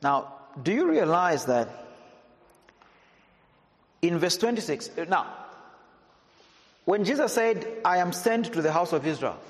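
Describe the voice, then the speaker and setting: A man preaches a sermon in a high, animated voice that leaps up and down in pitch. He questions the congregation again and again and repeats lines for emphasis. The sound rings through a reverberant church hall with a long echo. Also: unhurried, pauses often.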